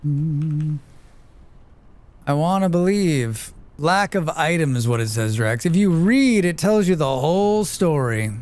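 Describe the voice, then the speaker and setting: A man's voice: on the high side, animated, unhurried, few pauses, a little mellow. A man streaming a game, chatting casually with viewers, swearing freely and laughing often. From United States. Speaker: livestreamer. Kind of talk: casual chat while playing, reading chat aloud.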